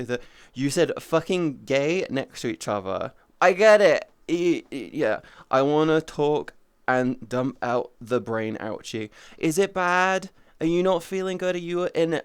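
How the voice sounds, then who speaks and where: A woman in her early thirties streaming casual chat with viewers, playful and teasing, jumping from high squeals to low mutters. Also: clean tone, dry recording, clean studio sound. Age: 30s.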